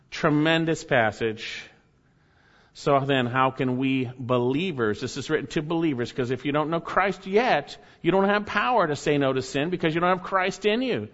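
A man preaches in a fairly high voice, driving his points home by repeating phrases and drawing out the words he stresses. The sound is dull, with a long reverb trailing each line. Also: expressive, moderate pace, fairly bright tone. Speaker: pastor. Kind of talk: sermon.

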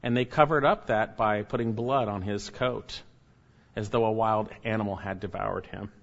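A man's voice: on the low side, fairly even intonation, moderate pace, vocal fry, dull audio. A man preaching a sermon, reading scripture aloud and commenting on it emphatically with rhetorical questions. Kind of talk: expository sermon.

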